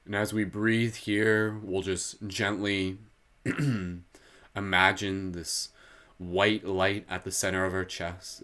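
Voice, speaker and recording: A man hosting a live guided meditation, slow and soothing when guiding, giggly and playful between exercises. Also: low voice, fairly bright tone. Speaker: meditation host.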